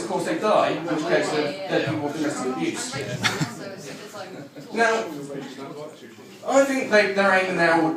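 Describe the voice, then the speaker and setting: A man doing a live stand-up routine with crude, deadpan one-liners. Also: fairly high pitch. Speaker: stand-up comedian. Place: comedy club stage. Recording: echoey live room from far off, audience laughter. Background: audience laughing.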